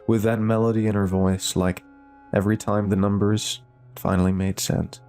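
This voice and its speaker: Male storyteller, low and mellow, measured scripted horror reading. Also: little pitch movement, soft background music. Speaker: narrator.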